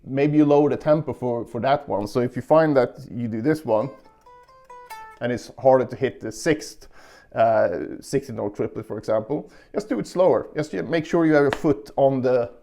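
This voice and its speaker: A man giving a casual guitar lesson, explaining technique calmly and counting beats aloud, with guitar playing behind him. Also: medium pitch, moderate pace. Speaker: guitar teacher.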